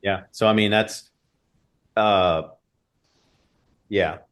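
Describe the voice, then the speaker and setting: A man's voice: fairly low pitch, fairly even intonation, drawn-out words, fairly bright tone. A man speaking as a guest on a podcast, an earnest shooting coach rambling casually with many fillers. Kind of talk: casual interview chat.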